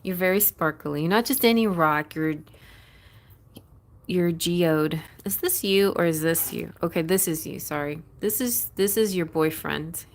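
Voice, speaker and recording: A woman's voice: fairly low pitch, a little slow. A middle-aged woman hosting a live tarot reading stream, chatting casually and rambling, laughing often.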